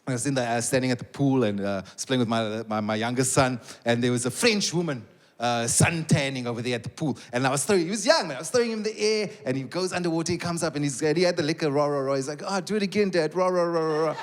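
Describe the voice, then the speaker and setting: A middle-aged man with a South African accent telling a story in a stand-up routine, slipping into quick voice impressions. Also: mid-range voice. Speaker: stand-up comedian. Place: comedy stage before a live audience. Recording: live show with loud audience noise. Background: audience laughter.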